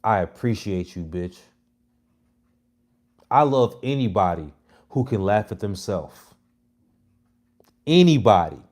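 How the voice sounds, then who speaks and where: A man in his thirties delivering a brash, mocking monologue to his viewers, with loud jabs and muttered asides. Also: on the low side, animated, takes it slowly, long pauses. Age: 30s. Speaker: comedy content creator. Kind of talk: casual provocative monologue.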